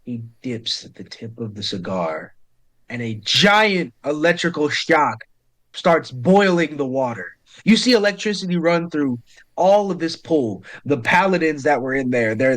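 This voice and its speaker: A man's voice: on the high side, a bit bright, low-quality recording. A man narrating a tabletop game as game master, describing the scene with frequent fillers.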